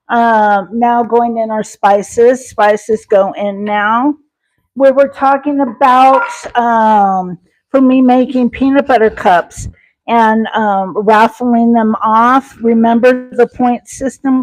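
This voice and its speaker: Slow-talking chatty woman cooking live. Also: on the high side, fairly even intonation, poor audio. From Wyoming. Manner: chatty, reads and answers viewer comments aloud; folksy sayings, many fillers. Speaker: cooking livestream host. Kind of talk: casual live-stream chat while cooking.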